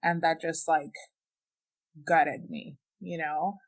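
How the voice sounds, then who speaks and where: A young woman on a podcast slowly tells a personal story in a low voice with fairly even intonation. She's candid and emotional, peppering her speech with "like" and "you know."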